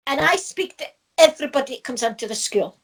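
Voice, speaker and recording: A woman's voice: sits high, fast. A middle-aged woman with a Scottish accent, a spiritual teacher chatting casually and laughing often as she tells stories. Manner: lively storyteller who laughs often. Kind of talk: casual chat.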